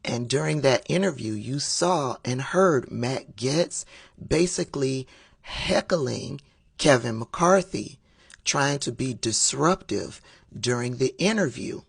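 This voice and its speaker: A woman giving casual political commentary in a sassy, drawn-out way, laughing at her own remarks. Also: a bass voice, lively intonation, vocal fry, breathy edge, no echo, clean studio sound.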